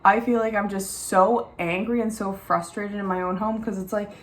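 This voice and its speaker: A young mother chatting candidly to camera at home. She talks in a lively, unfiltered way and her voice sits at an ordinary medium pitch. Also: normal speed. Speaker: mom vlogger. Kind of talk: casual talk to camera. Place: at home, in the garden.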